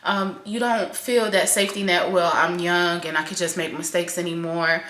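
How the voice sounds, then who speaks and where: A young woman venting candidly to camera in a home vlog, swearing freely and swinging between loud outbursts and soft, quiet admissions. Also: fairly low pitch, steady tone, normal speed. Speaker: vlogger. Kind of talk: raw confessional venting to camera. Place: home kitchen, in doors. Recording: echoey room.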